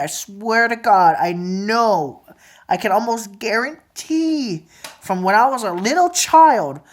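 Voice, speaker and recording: A woman in her twenties venting angrily to camera in a profane, repetitive rant that sometimes drops to a low mutter. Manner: angry, profane ranting; repeats phrases, drops to a low mutter at times. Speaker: vlogger. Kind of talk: emotional venting monologue.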